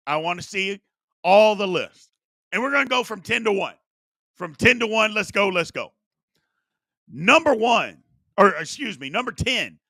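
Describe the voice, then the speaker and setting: A man's voice: high voice, gravelly, dry recording, studio quality. A man hosting a live show, counting down a list, repeating lines for emphasis and scolding viewers playfully. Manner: animated, repeats phrases for emphasis, addresses viewers as "people". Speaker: sports talk show host.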